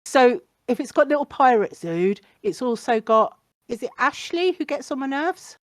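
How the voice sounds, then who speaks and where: A woman's voice: high-pitched, expressive, normal speed, no echo. A young woman chatting as a podcast guest, blunt and sweary, laughing often. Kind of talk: casual podcast chat.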